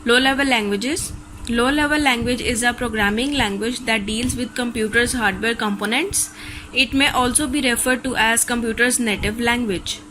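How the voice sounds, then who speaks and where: A woman's voice: on the high side, fairly even intonation, moderate pace, sharp tone, a little hiss or hum, low-quality recording. A woman teacher with a Pakistani accent, reading a recorded class lecture steadily from textbook notes.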